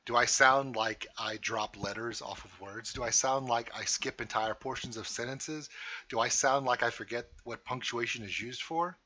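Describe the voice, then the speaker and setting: A man's voice: medium pitch, normal speed, bright, forceful tone. A man from Louisiana hosting a reaction video, giving emphatic casual commentary with rhetorical questions.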